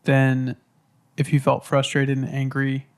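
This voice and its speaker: A man's voice: medium pitch, monotone, a little slow. A man hosting a podcast in casual chat, stuffy from a cold, talking in an earnest, reflective way. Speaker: podcast host.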